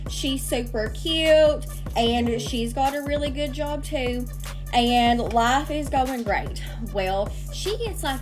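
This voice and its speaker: High-voiced woman dishing gossip. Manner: chatty, dramatic, teasing asides to the listener. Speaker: storyteller. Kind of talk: casual gossip storytelling. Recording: music bed under the voice. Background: background music.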